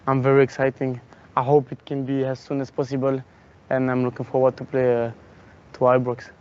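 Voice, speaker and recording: Young footballer, English, halting, smooth flat delivery, muffled audio. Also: male voice, mid-range voice. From Belgium. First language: not English. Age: young adult. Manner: halting, searching for words. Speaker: footballer interviewed. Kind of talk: interview answers.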